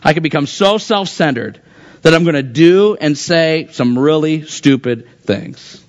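Man preaching conversationally, lo-fi sound. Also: medium pitch. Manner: conversational preaching, acts out voices of the text. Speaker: pastor. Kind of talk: sermon. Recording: dull lo-fi sound.

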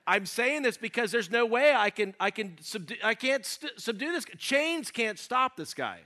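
A middle-aged male pastor preaching a sermon, dropping to a hush and rising to loud cries as he acts out quoted prayers. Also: extremely high pitch, big pitch swings, moderate pace. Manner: emphatic, swings from hushed to loud, voices quoted cries.

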